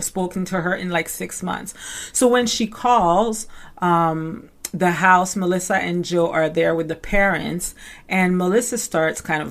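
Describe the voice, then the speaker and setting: Woman, low-ish voice, casual reality-TV recap host, chatty, filler-heavy, acts out the quotes.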